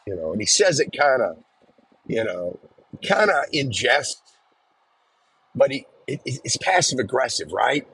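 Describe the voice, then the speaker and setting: A man's voice: medium pitch, sing-song, unhurried, gravelly, long pauses, fairly bright tone, slightly rough, no echo, low-quality recording. A man earnestly recounting his own experience in a conversational storytelling style, often restarting his sentences. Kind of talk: personal storytelling.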